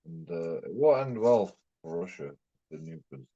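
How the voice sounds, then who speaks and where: A streamer from England rants in a rambling, repetitive, constantly profane monologue. His voice is low, mellow, and expressive with a breathy edge, at a moderate pace. The lo-fi recording sounds dull.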